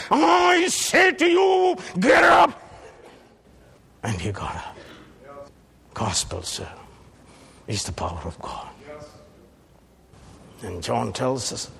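Gravelly pastor guy preaching, slow and drawn out, goes from hush to shouting. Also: mid-range voice, a little hiss or hum. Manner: dramatic swings from hushed to shouting. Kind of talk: sermon.

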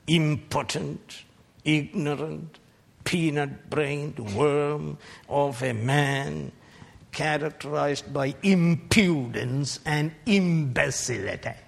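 A man preaching a fiery sermon, slow and emphatic, climbing to shouted peaks. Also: mid-range voice, gravelly. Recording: long reverb of a large hall.

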